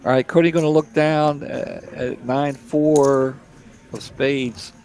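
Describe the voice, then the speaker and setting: A man's voice: mid-range voice, fairly even intonation, slow, a little mellow. A middle-aged man from Delaware giving laid-back, chatty play-by-play commentary on a live poker broadcast.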